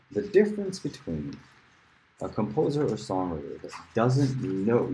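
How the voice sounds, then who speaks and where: A man teaching a casual music lesson at a board, rambling, with loud bursts of emphasis and murmured asides. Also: low-pitched, slight background noise, rough recording.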